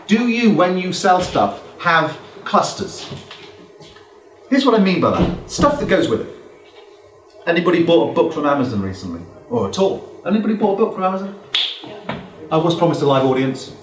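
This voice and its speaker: A man giving a lively, joking business talk to a live audience and acting out customer exchanges. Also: a little high. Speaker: business speaker. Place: hall with a small audience. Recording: echoey room, from far off.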